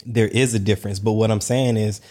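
A man's voice: lowish voice, steady tone, fairly quick, dark tone. An American man co-hosting a podcast, explaining his view at length in casual discussion and asking rhetorical questions. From United States. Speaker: podcast co-host.

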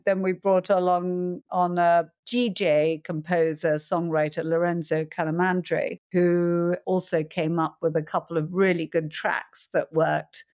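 A middle-aged woman, a film producer, answering interview questions in a calm, reflective way, sometimes acting out a panicked voice. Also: lowish voice, dry recording, studio quality. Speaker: film producer and director, guest.

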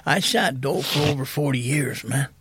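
A soft-spoken man in his fifties, telling his own story candidly as a podcast guest. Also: medium pitch, animated, moderate pace, slightly rough.

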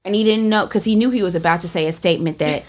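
Female co-host, lower pitch, emphatic and dramatic in casual talk. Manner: animated and emphatic, given to dramatic pauses. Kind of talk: casual discussion.

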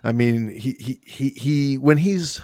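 A man in a casual film-discussion chat, talking in animated run-on sentences full of "like" and swearing. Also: mid-range voice, slow, dry recording. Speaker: podcast co-host discussing a film.

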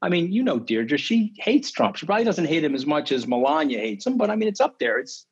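A man, telling stories in an interview, emphatic and indignant, his pitch leaping high when outraged. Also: very animated, a little fast, vocal fry, breathy edge. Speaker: interview guest. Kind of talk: animated interview storytelling. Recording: slightly dull lo-fi audio.

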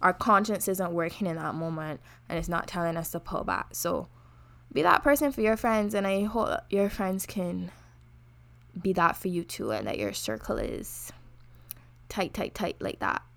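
A woman's voice: lowish voice, gravelly. Chatty Barbadian young woman. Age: young adult. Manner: animated, chatty, quick to laugh. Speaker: podcast co-host. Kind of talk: casual chat.

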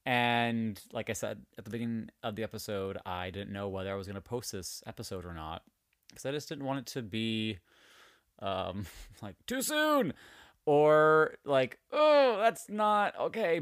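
A man's voice: medium pitch, no echo, clean studio sound. A man hosting a podcast in a candid, emotional monologue, swearing freely as he rants. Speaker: podcast host. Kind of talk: casual podcast chat.

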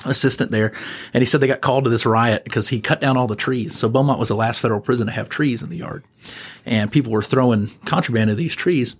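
Fast-talking man telling prison stories. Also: fairly low pitch. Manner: animated, chuckling storyteller who acts out quotes. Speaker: podcast guest, former prison officer. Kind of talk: casual anecdote storytelling.

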